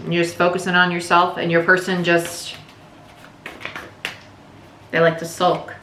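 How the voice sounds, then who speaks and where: A woman's voice: on the low side, completely flat delivery, a little slow, pushed and bright, reverberant, a little hiss or hum. A woman giving a casual, chatty tarot reading, speaking candidly and swearing now and then. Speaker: tarot reader.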